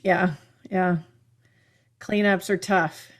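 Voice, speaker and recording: A woman communication coach hosting a podcast, explaining ideas in a measured, teaching way during casual chat. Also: on the low side, steady tone.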